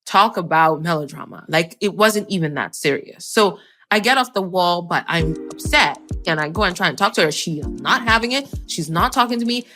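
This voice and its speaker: A woman telling a personal story on a podcast in an animated, conversational, self-mocking way. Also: lowish voice, moderate pace, music in the background.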